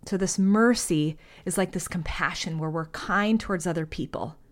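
A woman's voice: on the low side, moderate pace. A woman hosting a faith podcast. She speaks in an earnest, heartfelt, conversational way, reads scripture aloud and prays. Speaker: podcast host.

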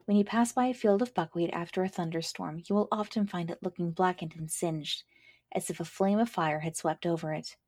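A woman reading fairy tales aloud as a storybook narrator, in a gentle, measured storytelling manner on a close mic. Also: on the low side, dry recording. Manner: gentle, measured storytelling with quick casual asides. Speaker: storybook reader and podcast host.

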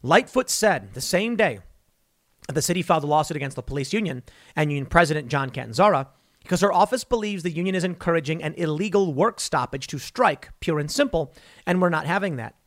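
A man's voice: on the high side, lively intonation, fairly quick, fairly bright tone. A man giving opinionated political commentary, emphatic, firing rhetorical questions and mocking the people he quotes.

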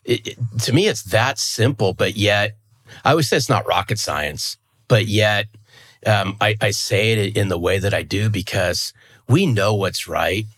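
Brief: fifties man, very low husky voice, earnest, emphatic guest. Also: measured pace, fairly bright tone. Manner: earnest, emphatic, repeats words as he restarts. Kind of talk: conversational interview.

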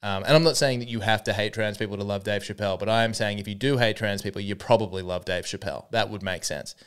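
A man's voice: on the low side, fairly even intonation, quick pace, a bit bright, clear, resonant tone. A man hosting a solo comedy podcast, rambling and self-mocking with frequent restarts and asides.

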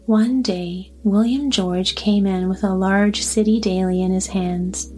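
A woman narrating a storybook in a calm, even way. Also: mid-range voice, a little slow. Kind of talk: storybook reading.

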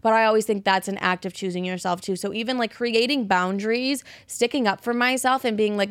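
A woman's voice: medium pitch, normal speed, fairly bright tone, smooth, dry recording. A young woman hosting a podcast, talking casually and bluntly with lots of swearing, like a pep talk to her listeners. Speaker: podcast host. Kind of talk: casual monologue.

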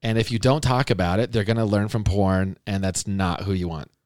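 A man's voice: on the low side, fairly even intonation, a little fast, a little mellow, dry recording, clean studio sound. A man hosting a casual interview podcast, rambling and often correcting himself with fillers. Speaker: podcast host.

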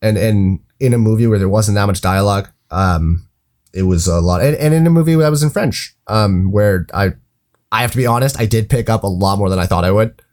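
A man with a low voice co-hosting a casual movie podcast. He thinks aloud in long, meandering sentences, often restarting and pausing on fillers. He sounds relaxed and conversational. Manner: rambling, hesitant, many "um"s and restarts. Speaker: podcast co-host.

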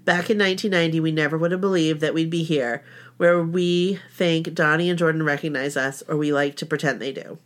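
A woman's voice: sits low, steady tone, brisk. A middle-aged woman, a podcast co-host, reading a sincere personal story about her best friend. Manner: sincere, heartfelt.

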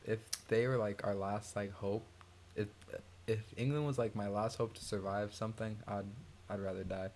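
A man's voice: fairly low pitch, steady tone, moderate pace, darkish tone, a little hiss or hum. A young man co-hosting a podcast in casual chat, joking and mock-ranting with trash talk. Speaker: podcast co-host. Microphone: podcast mic.

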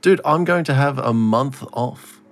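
A man's voice: mid-range voice, measured pace, soft background music. A man co-hosting a podcast in laid-back casual chat, swearing a lot and laughing often. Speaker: podcast co-host.

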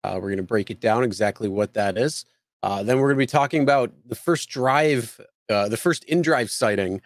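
A man's voice: mid-range voice, fairly quick, dry recording, studio quality. A man co-hosting a casual live show, talking loosely with lots of fillers and restarts. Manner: rambling, many fillers and restarts. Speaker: co-host.

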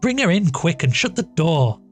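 A man reading aloud and voicing a brisk, practical country woman who urges others on. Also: lowish voice, sing-song, soft background music, voice pushed up. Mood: urging.

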